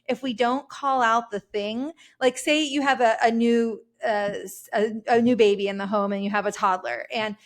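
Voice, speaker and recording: A woman guest on a podcast, a parenting educator and author, explaining in a measured way with frequent "like" fillers. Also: on the high side, steady tone.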